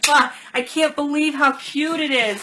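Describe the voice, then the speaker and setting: A woman's voice: high voice, fairly even intonation, unhurried, background noise. A middle-aged woman hosting a casual vlog, opening gifts and thanking viewers with gushing delight. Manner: gushing, warm thanks over small gifts. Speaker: channel host. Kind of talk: casual gift-unboxing vlog.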